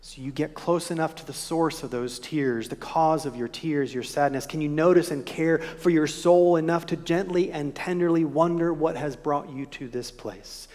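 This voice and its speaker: A pastor delivers a sermon in a gentle, thoughtful manner, often ending his points with quiet rhetorical questions. His voice sits a little high for a man. The sound rings with the long reverb of a church sanctuary. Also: moderate pace, few pauses.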